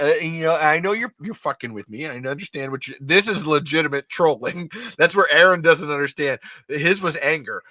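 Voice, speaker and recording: Bright-voiced, profane podcast host. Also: male voice, mid-range voice, no room sound. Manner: animated, profane, laughs often, rambling restarts. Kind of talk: casual podcast chat.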